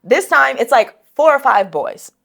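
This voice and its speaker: A young adult woman co-hosting a podcast, telling stories in casual chat, blunt and animated, swearing freely. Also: sits high, measured pace, vocal fry. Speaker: podcast co-host.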